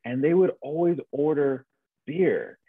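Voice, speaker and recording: A man's voice: fairly high pitch, expressive, unhurried, slightly rough. Man on a tinny phone-like line. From El Paso, Texas. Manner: rambling, repeats words, tag questions "right?". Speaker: podcast co-host. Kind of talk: casual storytelling chat. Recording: phone-like narrow band.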